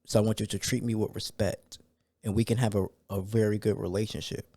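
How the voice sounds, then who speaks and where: A man hosting a solo podcast in a loose, conversational way, full of fillers and sudden excited rants. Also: fairly low pitch, a little fast, dry recording. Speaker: podcast host. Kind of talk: casual solo podcast talk.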